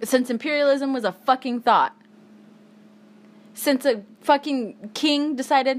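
A tired woman hosts a solo podcast, speaking angrily and emphatically with heavy swearing. Her voice is high, her pace slow, and she leaves long pauses.

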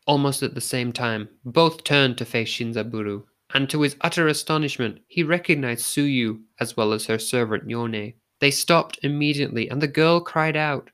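A man giving a scripted narration of a folk tale in a measured, unhurried reading. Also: mid-range voice, a bit bright. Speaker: storyteller.

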